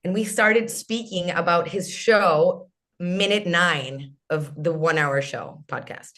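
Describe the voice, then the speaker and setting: Speaking slowly in a fairly low voice, an English-speaking Chilean woman in her thirties appears as a podcast guest via video call. In this casual interview she's an animated storyteller who says "like" a lot and keeps restarting.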